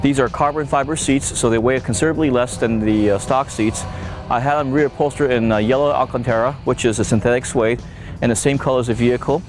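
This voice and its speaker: A man's voice: medium pitch, fairly even intonation, brisk. A man, a car owner, describing his car in a casual, rambling way with fillers. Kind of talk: casual show-and-tell. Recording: music behind the voice.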